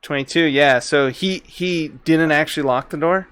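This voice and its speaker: A man running a tabletop game as game master, relaxed and quick to laugh. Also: a little high, smooth.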